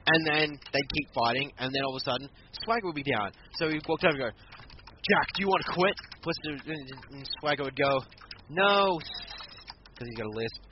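A man's voice: medium pitch, fast talker, hardly any pauses. A man co-hosting a casual podcast, animatedly retelling a wrestling match and acting out what people said. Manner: animated storytelling, acts out quotes. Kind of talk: casual chat recapping matches. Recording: muffled lo-fi audio with background noise.

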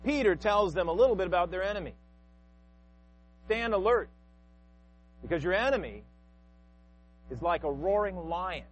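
Animated high-voiced man preaching a sermon. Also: a little hiss or hum, low-quality recording. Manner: animated preaching, rhetorical questions, acted-out quotes. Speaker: pastor.

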